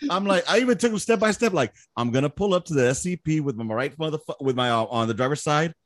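Lively, profane veteran man telling stories. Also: a little high, fast, no room sound, studio quality. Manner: profane, animated, boastful storytelling. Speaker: army veteran storyteller. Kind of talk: casual podcast chat.

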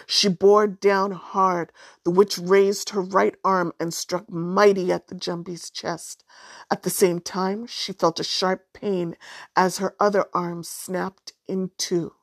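A woman reads a children's storybook aloud at a slow, measured pace. Her voice sits fairly low, and the recording is dry and close with no room sound. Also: dry recording. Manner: measured, even reading. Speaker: audiobook narrator. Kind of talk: storybook narration.

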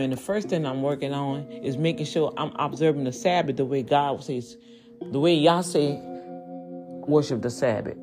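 A woman with a fairly low voice hosts a casual, preachy podcast. She swings between high, fired-up exhortation and low, quiet asides. Faint music plays under her. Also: normal speed. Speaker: podcast host.

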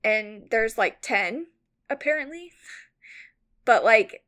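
A woman co-hosting a podcast, casually retelling a story with lots of "like" fillers, rambling and animated. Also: on the high side, takes it slowly. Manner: animated, mock-outraged retelling. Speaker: podcast co-host.

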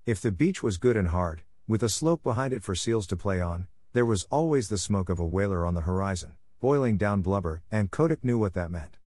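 A man with a fairly low voice reads a classic animal story aloud. His delivery is measured and clear, suited to listeners learning English. The recording is dry and close, with no room echo. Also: expressive, darkish tone. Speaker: audiobook reader. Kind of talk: scripted storybook narration.

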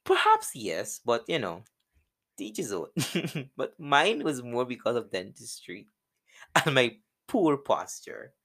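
Animated young Guyanese man, laughing storyteller. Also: takes it slowly. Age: young adult. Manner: animated, laughs often, jumps into high voices when quoting people. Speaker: podcast host. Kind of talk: casual storytelling.

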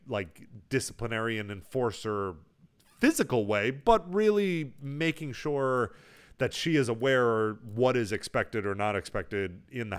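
A man's voice: medium pitch, clear, resonant tone. A man in his thirties co-hosting a casual podcast, telling family stories with energy and acting out the dialogue. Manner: animated storyteller, acts out family dialogue. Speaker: podcast co-host.

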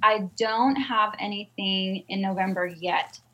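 A woman's voice: mid-range voice, measured pace, fairly bright tone, poor audio. A woman comedian answering interview questions in a chatty, self-deprecating way, with many fillers. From Southern California. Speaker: stand-up comedian guest.

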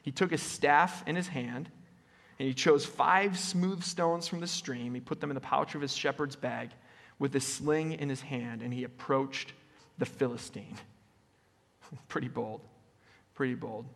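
A man preaching a conversational sermon as pastor, often checking in with the congregation with a quick "right?" and restarting his phrases. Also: medium pitch, vocal fry, a bit bright. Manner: casual, with frequent "right?" tag questions and restarts. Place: church sanctuary. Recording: long reverb of a church hall.

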